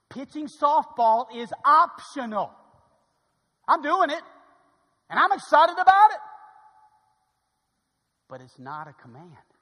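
A husky, high-pitched male pastor delivers a lively sermon. His voice rings out with a long hall reverb, and he jumps between loud declarations and quiet, confiding asides as he acts out scenes. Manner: dramatic, acts out little scenes, swings from shouting to hushed. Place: church sanctuary.

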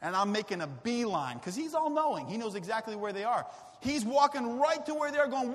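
A man in his thirties preaching a sermon in a church, animated and acting out exasperated voices. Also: sits high, moderate pace. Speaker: pastor. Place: church sanctuary. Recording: reverberant church hall.

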